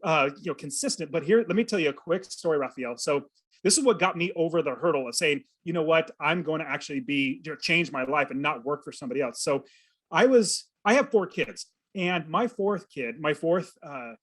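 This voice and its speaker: A man's voice: a little high, a little fast. Earnest man telling a story. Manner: earnest, animated storyteller acting out his own thoughts. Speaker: podcast guest, real estate investor. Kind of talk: storytelling in an interview.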